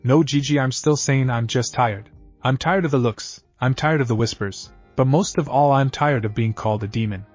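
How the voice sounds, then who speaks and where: A man's voice: medium pitch, normal speed, highs cut off, faint music behind, natural voice. Naruto, a bitter boy ninja, read by a man. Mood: weary.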